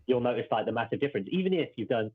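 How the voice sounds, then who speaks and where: A man's voice: mid-range voice, lively intonation, rapid-fire, breathy edge, phone-quality sound. A man hosting a podcast in casual chat, rambling with lots of fillers and restarts. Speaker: podcast host.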